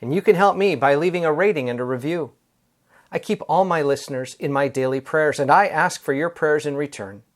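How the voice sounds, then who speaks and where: A man with a fairly high voice delivers a short homily as a Catholic priest. He talks in an earnest, conversational way and chuckles now and then, as if speaking with friends in a rectory room. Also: a little fast. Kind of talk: conversational daily homily podcast.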